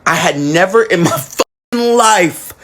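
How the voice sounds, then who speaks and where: A man telling a personal story in an animated, profane, sarcastic way. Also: sits high, measured pace. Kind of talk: casual storytelling.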